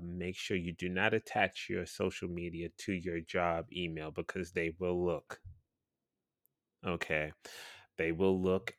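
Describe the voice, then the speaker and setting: A man's voice: low voice, a bit bright, no room sound, clean studio sound. A man hosting a podcast, telling a story in a blunt, profane, chatty way and laughing now and then. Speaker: podcast host and radio personality.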